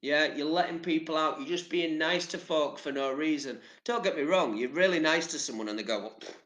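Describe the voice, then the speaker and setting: A man's voice: fairly high pitch, fairly quick, fairly bright tone, echoey room. An English man giving casual motivational talk to camera, chatty and rambling, with casual swearing. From England. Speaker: vlogger.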